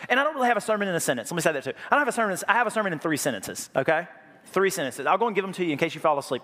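A man preaching a sermon, lively and joking, with a habit of repeating key phrases. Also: fairly high pitch. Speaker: pastor. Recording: reverberant hall.

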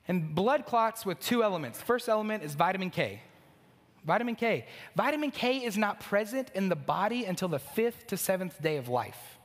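A man preaching a conversational sermon to a congregation, with asides to the room. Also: high-pitched. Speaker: pastor. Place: church sanctuary. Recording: long hall reverb.

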